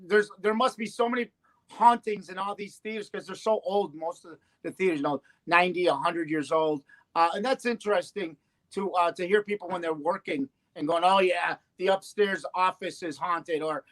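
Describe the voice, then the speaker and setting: A middle-aged man, a comedian guest, telling stories in a rambling, relaxed way. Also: sits high, fairly quick, poor audio. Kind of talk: casual chat.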